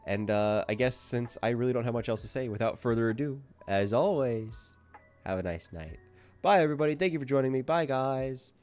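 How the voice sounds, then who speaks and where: A man's voice: medium pitch, animated, a little fast, a little mellow, smooth, soft background music. A man chatting casually to his viewers at the end of a stream, rambling and self-deprecating.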